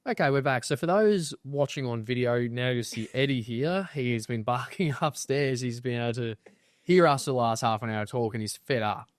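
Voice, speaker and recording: A man's voice: medium pitch, normal speed, dry recording, studio quality. Easygoing man co-hosting a podcast. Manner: easygoing, agreeable, jokey. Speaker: podcast co-host. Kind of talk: casual podcast chat. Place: home studio.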